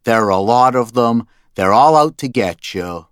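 A man's voice: mid-range voice, lively intonation, normal speed, a bit bright, clear, resonant tone, no echo, clean studio sound. A man narrating a first-person story in a scripted, wry and dryly humorous way.

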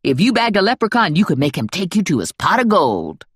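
A woman's voice: on the low side, sing-song, fairly quick, breathy edge, no room sound, studio quality, pitched above the performer's own voice. A woman voicing a brash, sassy female sidekick with slangy, wisecracking talk.

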